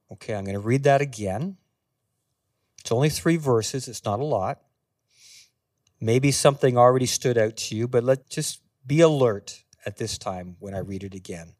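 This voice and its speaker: A man giving a talk as a guest speaker, earnestly guiding a small group through a slow, meditative scripture reading. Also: mid-range voice, darkish tone. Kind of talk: sermon with guided scripture reading. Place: meeting room with a small group.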